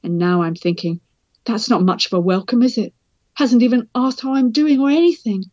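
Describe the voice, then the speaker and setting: Woman voicing a troubled young man, halting urgent telling, dry close sound, slightly dull lo-fi recording. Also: on the high side, a little mellow, no echo, close to an everyday voice. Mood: resentful. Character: troubled young male patient.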